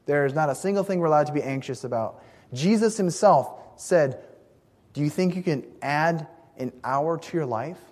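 Earnest preacher in a reverberant hall. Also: male voice, on the high side, animated, moderate pace, a little mellow. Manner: earnest, emphatic, with small restarts. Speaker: pastor. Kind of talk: sermon.

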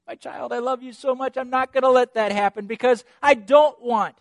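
A man preacher voicing God, tenderly and gently reassuring a child. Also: extremely high pitch, normal speed, no room sound, clean studio sound, voice pushed up.

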